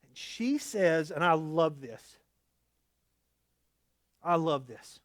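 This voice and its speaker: Animated high-voiced male pastor preaching. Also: very slow, dry recording, clean studio sound. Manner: animated, emphatic preaching with casual humor. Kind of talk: sermon.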